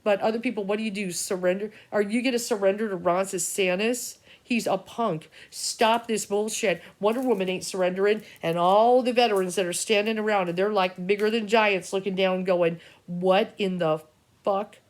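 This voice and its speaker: A middle-aged woman talks straight to camera as an intuitive reader. Her voice sits at an ordinary middle pitch. She jumps from thought to thought with cursing and exasperated asides. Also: fairly even intonation, brisk, hardly any pauses. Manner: agitated, profane, stream-of-consciousness. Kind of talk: rambling spiritual vlog rant.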